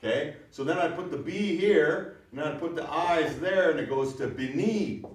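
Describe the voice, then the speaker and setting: A man's voice: a little high, moderate pace. A man teaching a language class, explaining patiently and often checking that his students follow. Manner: lively, explains patiently with frequent checks for understanding. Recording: echoey room, recorded from far off.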